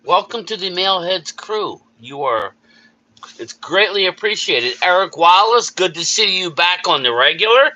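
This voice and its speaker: A man's voice: sits high, expressive, unhurried, sharp tone, poor audio. A man hosting a casual live chat, upbeat, greeting viewers by name and repeating himself. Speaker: livestream host.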